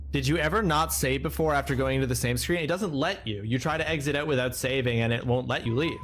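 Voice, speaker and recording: A young man streaming a game live, reacting with excitable shrieks, swearing and silly asides as he plays. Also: mid-range voice, brisk, slight background noise. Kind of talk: live gameplay commentary.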